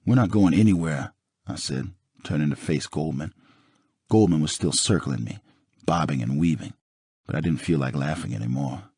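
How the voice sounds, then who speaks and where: A man narrating an audiobook in the first person with a dramatic, expressive reading. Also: rumbling low, moderate pace, creaky, slightly rough, dry recording, clean studio sound.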